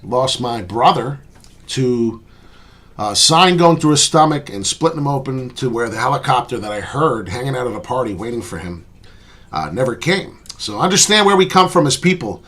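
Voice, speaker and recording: A man's voice: mid-range voice, animated, normal speed, fairly bright tone. A man hosting his own crypto channel, talking earnestly and bluntly off the cuff, rambling with lots of "uh" and "right?" and swearing freely. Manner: profane, blunt talk. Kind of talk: off-the-cuff vlog monologue.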